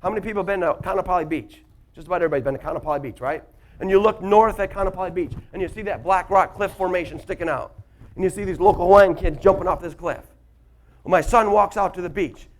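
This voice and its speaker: High-voiced motivational speaker. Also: male voice, fast. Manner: storytelling, questions the audience. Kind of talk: motivational workshop talk. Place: workshop in front of a live audience.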